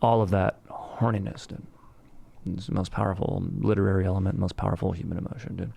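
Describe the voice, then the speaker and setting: A young man with a lowish voice riffs through a casual movie review. He talks in a slangy, bro-ish way and keeps calling people dude. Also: fairly even intonation, fast talker, gravelly, breathy edge, muffled recording. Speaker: host.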